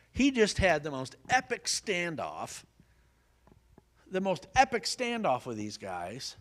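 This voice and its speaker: A man preaching a sermon, telling a Bible story with lively, folksy humor and questions for the congregation. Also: high voice, takes it slowly. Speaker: pastor.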